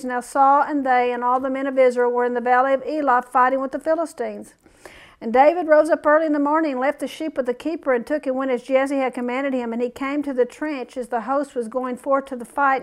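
A woman's voice: sits high, fairly even intonation, a little fast. A woman preacher delivering a sermon, reading scripture aloud and breaking into folksy, fiery asides.

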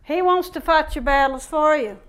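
A woman giving an informal recorded sermon, impassioned and building from quiet reflection to fervent exhortation. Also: high-pitched, normal speed. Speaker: preacher.

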